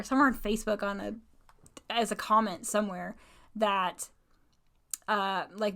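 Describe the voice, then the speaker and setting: A woman's voice: on the high side, a bit bright. A woman from the Midwest co-hosting a casual podcast, agreeable and giggly, often answering briefly. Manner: agreeable, short replies, giggly. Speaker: podcast co-host.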